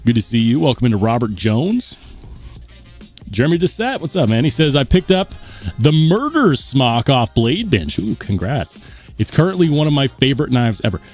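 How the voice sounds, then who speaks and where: This male livestream host reads comments from viewers and reacts in a rambling, upbeat way during casual chat. His mid-range voice has a darkish tone and sing-song lilt at normal speed, over soft background music.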